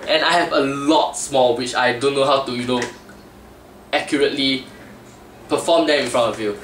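A man's voice: mid-range voice, moderate pace, fairly bright tone, a little hiss or hum. Rambling young man vlogging in an echoey room. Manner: rambling, loses track, cheeky. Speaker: student vlogger. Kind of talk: casual vlog. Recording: echoey room, mic at a distance.

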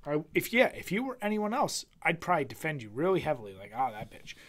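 A young man with a Philadelphia accent teases his co-host in loose, profane podcast banter. He laughs often, and his voice sits a little high. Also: sing-song, quick pace, a bit bright. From Philadelphia, USA. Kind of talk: casual chat.

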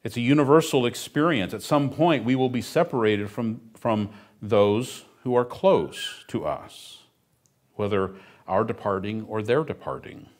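A man's voice: on the low side, animated, a little slow. A middle-aged man preaching a sermon as pastor, emphatic and earnest, with dry humorous asides.

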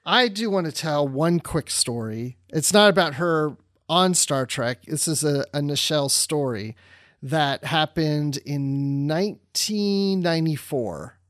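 A man's voice: on the high side, unhurried, dry recording, clean studio sound. A man co-hosting a podcast, telling an anecdote in a casual chat and acting out the quotes with laughter. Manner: animated anecdote teller, acts out quotes with laughter. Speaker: podcast co-host.

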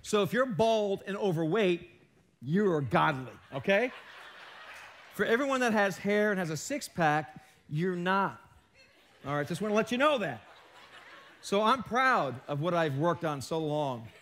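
High-voiced joking male pastor. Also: big pitch swings, a little slow, fairly bright tone, slight background noise. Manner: joking, self-mocking asides; talks with his hands. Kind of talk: live sermon. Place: church sanctuary.

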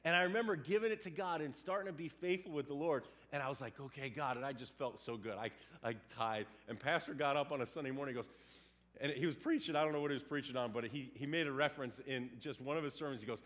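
A man preaching a sermon in a lively, animated way, acting out little scenes and voices. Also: mid-range voice, fast talker. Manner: animated, acts out quotes and sounds. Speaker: pastor.

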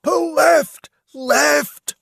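A man voicing a lighthouse keeper father calling orders at the oars, high and urgent. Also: a little slow, gravelly, fairly bright tone, breathy edge, no echo, clean studio sound, heavily acted.

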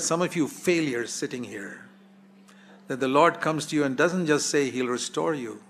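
A man's voice: a little high, normal speed, fairly bright tone, a little hiss or hum. A man preaching a sermon at a church service, earnest and building to fervent exhortation.

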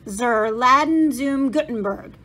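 A woman's voice: high voice, slow, fairly bright tone, full character voice. A woman voicing an old German printer's hologram with a German accent, courtly and boastful in a storybook read-aloud. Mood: proud. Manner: grand, courtly and eager to help.

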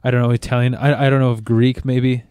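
Rambling young man, mellow voice. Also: mid-range voice, level tone, quick pace, clean tone, dry recording, clean studio sound. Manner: rambling, with many restarts. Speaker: podcast co-host. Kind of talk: casual banter.

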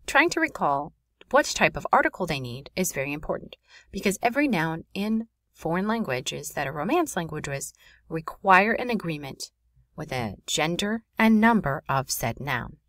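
A woman teaching a French grammar lesson in a clear, explanatory voice. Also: low voice, sing-song, moderate pace, fairly bright tone, no echo, clean studio sound. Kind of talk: recorded classroom lesson.

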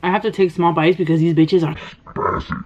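Eating on camera, this American mukbang vlogger in her 30s retells a story with animated, gasping breathlessness. She has a fairly low pitch and speaks quickly. Captured on a camera microphone, the sound is a bit dull and lo-fi with faint hiss or hum.

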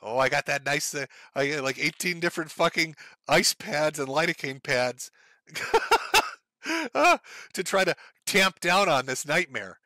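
A man's voice: on the high side, a little slow, pushed and bright, dry recording. A man hosting a live stream, ranting in profane, sarcastic, mocking commentary. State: sore, says his throat gives out.

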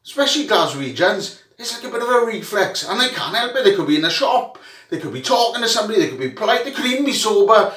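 A Welsh rugby fan vlogger with a high, bright voice delivers a rowdy comic monologue to camera, loud, sweary and full of jokey banter, puffing and out of breath. He's very animated and talks quickly. The mic sits some distance away in an echoey room, so his voice bounces back.

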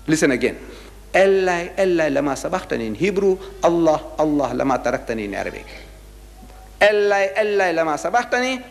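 An older man from South Africa giving an emphatic religious lecture, firing rhetorical questions at his audience. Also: high-pitched. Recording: hall with long reverb.

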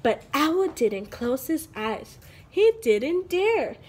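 A young woman reads a picture book aloud to little children in a bright, high voice. Her sing-song delivery leaps wildly up and down, unhurried and very slow, with playful gasps for effect. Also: big pitch swings, slight background noise. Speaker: preschool teacher.

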